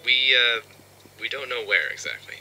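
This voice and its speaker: A man voicing a calm, polite investigator. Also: mid-range voice, normal speed, slight background noise, poor audio.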